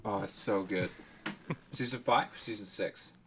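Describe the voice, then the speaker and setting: A man's voice: lowish voice, unhurried, a bit bright, a little hiss or hum. A man co-hosting a pop-culture podcast, chatting casually and joking with his friends. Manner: jokey, quotes lines in put-on voices. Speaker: podcast co-host. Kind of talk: casual chat.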